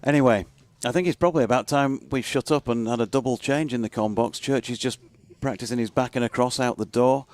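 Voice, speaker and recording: A man's voice: mid-range voice, a little fast, few pauses. A man in a radio cricket commentary box, bantering in a dry, wry way.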